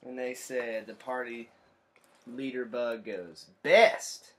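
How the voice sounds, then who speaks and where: A male teacher reading a picture book aloud to children, animated, explaining and pointing out the pictures. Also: mid-range voice, slow pace.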